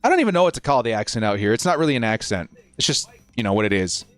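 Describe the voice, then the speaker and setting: A man's voice: mid-range voice, big pitch swings, very fast, no echo, faint music behind. A young man casually chatting with his viewers while hosting a live football watch-party stream, answering their questions in a laid-back way.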